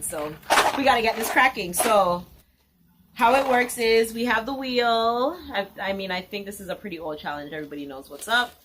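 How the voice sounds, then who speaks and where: A young woman hosting a casual challenge vlog at home with family, excitable and quick to shriek and laugh. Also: on the low side. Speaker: vlogger host. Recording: noisy home video.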